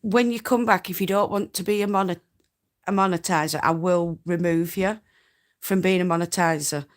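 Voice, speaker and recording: A woman's voice: lowish voice, fairly even intonation, moderate pace. A woman from North Yorkshire with a Yorkshire accent, giving homely, chatty spinning tips as host of a live stream and laughing often. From North Yorkshire, England. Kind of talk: casual live-stream tutorial chat.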